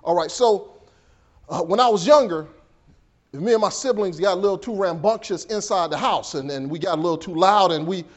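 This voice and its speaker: A man preaching a sermon as pastor, swinging between hushed and raised delivery, often repeating words as he builds a point. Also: brisk. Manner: preaching with dramatic swings in pitch and volume.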